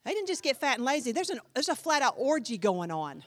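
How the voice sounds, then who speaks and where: A woman pastor preaching a sermon in an animated, emphatic way, speaking directly to her congregation. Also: high-pitched, a little fast.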